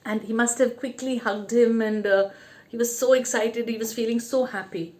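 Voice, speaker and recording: A woman teacher reading a story aloud and stopping often to explain the meaning of words, slow and patient. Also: on the high side, steady tone, darkish tone.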